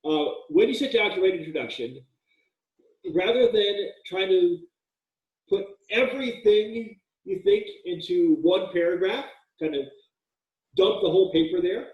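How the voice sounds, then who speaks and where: Brief: a relaxed male writing instructor, slightly high voice, casual and jokey, heard at a distance. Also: lo-fi sound. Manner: casual, joking, with frequent fillers and restarts. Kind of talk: recorded lecture. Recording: echoey room, mic at a distance.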